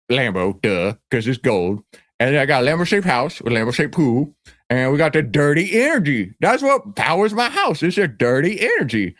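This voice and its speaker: A man's voice: fairly high pitch, fairly bright tone, no echo, clean studio sound. A man playing a brash, boastful stock-hype guru who talks in swaggering slang and rambles. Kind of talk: comedic character skit.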